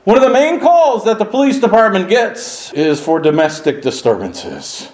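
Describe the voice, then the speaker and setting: A male pastor preaching with real force, his voice falling quiet before it leaps up in loud bursts. His voice sits a bit high for a man. The room around him rings with echo. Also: big pitch swings, moderate pace. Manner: emphatic preaching, swinging from hushed to loud exclamations. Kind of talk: sermon.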